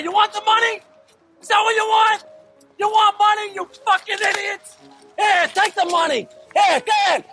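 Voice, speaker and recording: A furious crime boss, pitched very high and shouting, spits profanity at his crew. The film clip has faint music running underneath. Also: exaggerated voice. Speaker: film character in a played clip.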